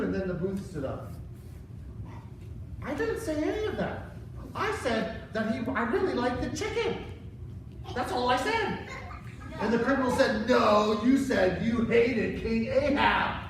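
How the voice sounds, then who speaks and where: A man playing a whiny, childish grown king in an excitable first-person Bible story skit for children. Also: very high-pitched, exaggerated voice. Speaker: children's church presenter. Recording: echoey hall, far from mic, noisy.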